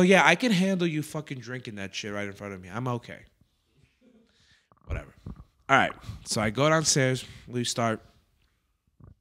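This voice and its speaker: A man hosting a comedy podcast, telling a story in a casual, profane way and acting out other people's quotes as he goes. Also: medium pitch. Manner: profane, animated anecdote-telling with acted-out quotes. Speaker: comedian host.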